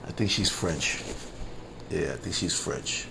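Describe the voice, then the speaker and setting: Solo podcast host, male, very low voice, slow unhurried delivery, slangy rambling talk, faint room hiss. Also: gravelly. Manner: rambling, repeats phrases, laughs at own jokes; slangy and conversational. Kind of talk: casual solo podcast monologue.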